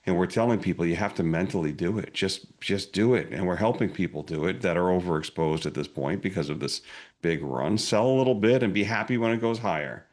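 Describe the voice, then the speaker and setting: Male advisor guest, deep voice, plainspoken, conversational. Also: a little fast, darkish tone. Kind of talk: conversational panel discussion.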